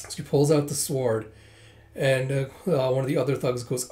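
Warm and steady in tone, with a medium pitch, a man flips through a manga and rapidly retells each panel play by play in a casual reviewer style.

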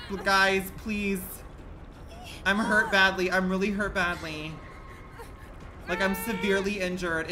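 A man livestreaming a game in campy, slangy commentary that swings between loud outbursts and low mutters. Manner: campy and dramatic, full of slang. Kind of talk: live gameplay commentary. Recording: loud game music under the voice.

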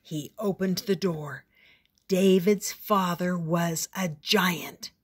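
An older woman reading a picture book aloud as a storyteller, expressive and playful. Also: lowish voice, slow, husky.

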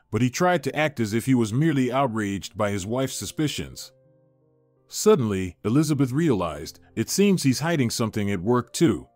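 Man narrating a story over soft music. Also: medium pitch, dry recording. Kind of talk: scripted narration. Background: soft background music.

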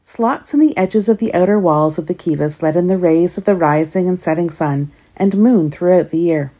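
A woman reading a children's nonfiction book and a legend aloud in a gentle, measured storytelling voice. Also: on the low side. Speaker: storybook reader.

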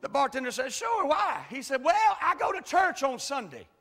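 Preacher guy, high bright voice, folksy storytelling, big echoey church. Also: sing-song, moderate pace. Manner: folksy storyteller, swings from quiet asides to shouted preaching. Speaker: pastor. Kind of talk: sermon storytelling. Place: large church hall.

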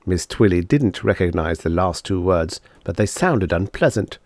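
A man narrating a vintage science fiction story with expressive storytelling delivery. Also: sits low, normal speed, no room sound, clean studio sound. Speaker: audiobook narrator. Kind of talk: scripted narration.

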